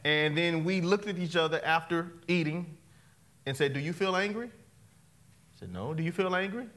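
High, bright-voiced preacher man. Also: animated, moderate pace. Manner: call-and-response, laughing often, swings from loud to hushed. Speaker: pastor. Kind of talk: interactive sermon.

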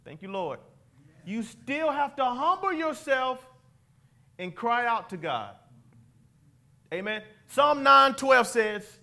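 A man preaching a sermon as pastor, animated and conversational, drawing call-and-response from his congregation. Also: extremely high pitch, slow, gravelly, long pauses.

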